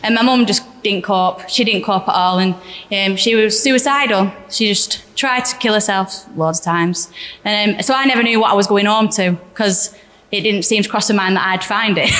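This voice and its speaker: A woman's voice: mid-range voice, moderate pace, a bit bright. Chatty woman in an echoey hall. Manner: candid, chatty, laughs often. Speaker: church member giving testimony. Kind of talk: personal testimony to a congregation. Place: church hall. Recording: echoey church hall reverb.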